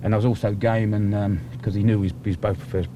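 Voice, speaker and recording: A middle-aged man speaking in an interview, earnest and halting, often restarting his sentences. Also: lowish voice, fairly even intonation, noisy background. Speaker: former criminal interviewee.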